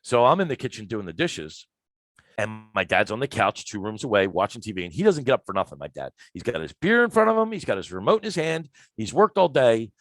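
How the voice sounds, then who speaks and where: Lively man in his fifties. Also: lowish voice, fairly quick, dry recording. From Philadelphia, USA. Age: 50s. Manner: lively, emphatic, acts out quoted lines. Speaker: guest storyteller. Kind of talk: casual storytelling.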